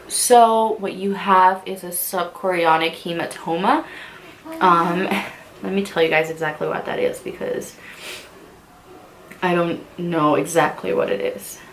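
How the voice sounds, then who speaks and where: A woman's voice: fairly low pitch, fairly even intonation, a little slow, slight background noise. A young woman in her twenties telling her own story in a vlog, her voice catching as she talks through tears, with many fillers. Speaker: vlogger. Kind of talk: emotional personal storytelling.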